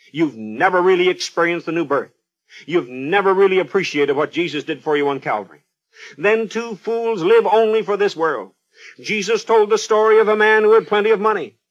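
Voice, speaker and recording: A man's voice: high voice, a bit bright. A man preaching a radio sermon, fervent and pleading, putting pointed questions straight to the listener.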